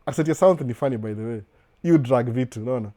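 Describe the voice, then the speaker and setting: A man's voice: medium pitch, fast, warm tone. A man from Kenya with a Kenyan accent, chatting casually in a live Q&A from his home den, often restarting words and checking in with his listeners. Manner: chatty, repeats and restarts, asks "unaona?". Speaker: live-stream host. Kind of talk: casual live Q&A chat, code-switching. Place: indoor home den with a couch.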